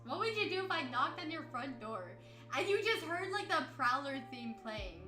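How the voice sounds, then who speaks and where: This woman has a high voice with big pitch swings and a sharp tone, talking at normal speed. She's a tired streamer chatting and rambling with her chat readers, laughing often and erupting playfully. Music plays behind her, and the sound is roomy.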